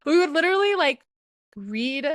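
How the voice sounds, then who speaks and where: A woman's voice: high-pitched, normal speed, dry recording. A woman in her thirties hosting a podcast, telling stories in a chatty, giggly way over a video call. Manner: chatty storyteller, animated quoting, giggly. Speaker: podcast host. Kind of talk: casual chat.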